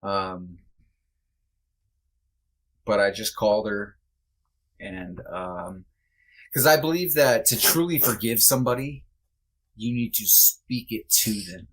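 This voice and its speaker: A man's voice: fairly low pitch, animated, fairly bright tone, slight background noise. A man guesting on a podcast, speaking candidly and reflectively with many restarts. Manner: earnest, halting, reflective with restarts. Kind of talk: candid conversation.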